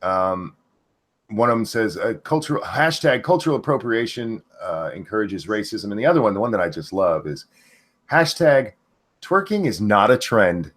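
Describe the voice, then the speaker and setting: Low-voiced male host, voice worn from talking. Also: animated, a little fast. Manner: loose and wry, reads viewer messages aloud. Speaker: show host. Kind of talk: casual livestream chat.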